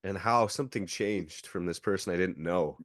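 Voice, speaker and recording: Low-voiced man telling a story. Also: moderate pace, a bit bright, no room sound, studio quality. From Canada. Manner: filler-heavy, acts out quotes. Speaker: podcast guest, jiu-jitsu coach. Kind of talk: casual storytelling.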